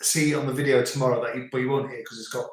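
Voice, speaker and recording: A man's voice: mid-range voice, steady tone, racing. A middle-aged man from England with a Northern English accent, chatting casually and rambling on a family live stream. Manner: chatty, rambling, repeats words. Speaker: host. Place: family home in rural France. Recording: very echoey room.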